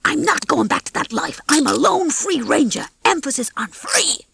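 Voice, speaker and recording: A woman voicing a brash, cocky male rooster on the run, fast-talking and wisecracking. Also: high-pitched, very animated, vocal fry, a bit bright, a little hiss or hum, pitched above the performer's own voice, full character voice.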